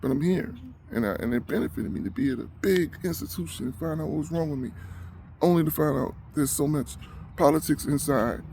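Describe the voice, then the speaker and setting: A man's voice: on the high side, brisk, gravelly, dark tone, a little hiss or hum. A man ranting emotionally to the camera, agitated and short of breath, repeating himself as he talks. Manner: agitated, repetitive, heated. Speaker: vlogger.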